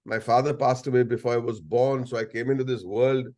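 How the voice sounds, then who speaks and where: A man's voice: mid-range voice, fairly even intonation, brisk, darkish tone. Playful Indian man in his sixties. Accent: Indian English. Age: 60s. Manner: playful, storytelling, jokes and asides. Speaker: guest speaker. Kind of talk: anecdotal talk to a video-call audience. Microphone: video call.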